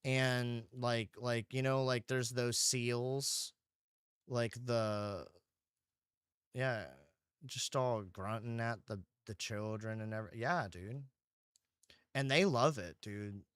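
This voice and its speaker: A man's voice: medium pitch, takes it slowly, a bit bright, smooth, dry recording, studio quality. A man livestreaming a game, rambling casually with lots of swearing and "dude". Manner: rambling, profane, keeps saying dude. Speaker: streamer.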